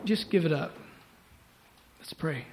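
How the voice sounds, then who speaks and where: Pastor at a church service, a man with a high voice, preaching with emphatic swings from loud to soft. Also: slow pace, a little hiss or hum. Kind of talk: sermon. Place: church service before a congregation.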